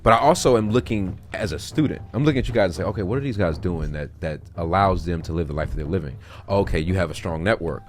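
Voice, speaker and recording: A man's voice: sits low, expressive, fast talker, hardly any pauses, slight background noise. A man hosting a casual podcast, talking loosely and enthusiastically and swearing freely. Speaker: podcast host.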